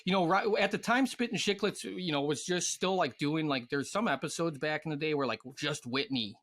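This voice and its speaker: A man's voice: fairly high pitch, a little fast. A man who is a former pro hockey player, telling casual stories as a podcast guest, full of fillers and swearing. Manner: animated, swears freely, many fillers. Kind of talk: casual storytelling chat.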